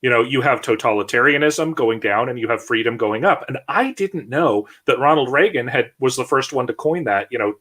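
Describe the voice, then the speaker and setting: A man's voice: mid-range voice, lively intonation, fairly quick, hardly any pauses, a bit bright. A man hosting a casual political discussion, talking bluntly with many fillers and false starts. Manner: rambling, blunt, frequent restarts and fillers. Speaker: podcast host.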